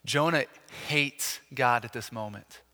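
A man preaching a sermon as pastor, talking earnestly with lively emphasis and frequent restarts. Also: mid-range voice, slow pace, in a large hall.

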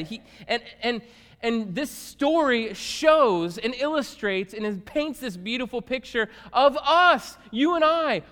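High-voiced pastor preaching in an echoing hall. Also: male voice, expressive, unhurried. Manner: swings from hushed to shouting for emphasis. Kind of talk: sermon. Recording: long reverb of a large hall.

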